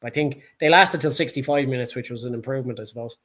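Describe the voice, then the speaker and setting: A man's voice: mid-range voice, fast talker, a bit bright. A man with a Dublin accent co-hosting a casual sports chat, blunt, heated and full of swearing. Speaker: podcast co-host.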